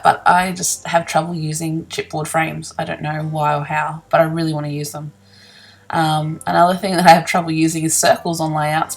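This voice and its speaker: A woman casually narrating her scrapbooking process in a chatty, self-deprecating way, laughing often and yawning early in the morning. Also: low-pitched. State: sleepy, yawning. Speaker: scrapbooking vlogger.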